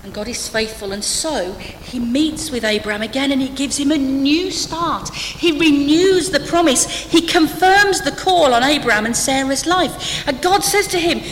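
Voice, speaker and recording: A woman's voice: high-pitched, measured pace, hardly any pauses, slight background noise. A woman preaching a sermon to her church, conversational and humorous, with dry asides. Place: church hall. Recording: echoey church hall, faint ambience.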